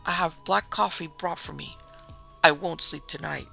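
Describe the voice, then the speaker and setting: A man's voice: a little high, fairly even intonation, normal speed, vocal fry, sharp tone, faint music behind, heavily acted. A man voicing an anguished doctor husband. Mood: tender reassurance. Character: anguished middle-aged male doctor, husband. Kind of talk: audiobook reading.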